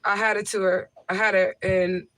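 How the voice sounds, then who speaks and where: On her casual livestream, a woman fields viewer comments through a mic with a homemade tissue filter, speaking bluntly and repeating points to stress them. Her voice is medium-pitched and level, fairly bright, at a normal speed, with no room sound.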